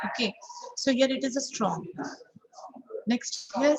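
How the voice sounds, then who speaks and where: A woman's voice: fairly high pitch, slow, creaky, long pauses, low-quality recording. A woman with an Indian English accent teaching an online English class. She repeats example sentences and says "okay" often. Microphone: video call. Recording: online class audio with crowd chatter behind.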